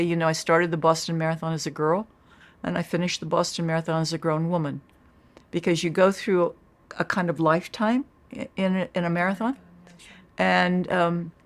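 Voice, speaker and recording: An older woman as an interview guest, telling her own story in a lively way and acting out the voices she quotes. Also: lowish voice.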